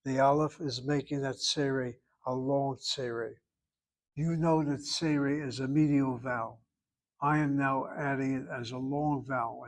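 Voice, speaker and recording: A man teaching a Hebrew grammar lesson, patiently explaining verb forms and careful pronunciation. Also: medium pitch.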